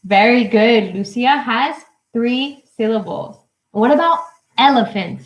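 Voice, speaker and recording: A young woman teaching English poetry to children in a live online lesson, speaking slowly and clearly and cheering them on. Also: fairly high pitch, echoey room, dull audio. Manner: encouraging, slow and clear, counting syllables aloud. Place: at home.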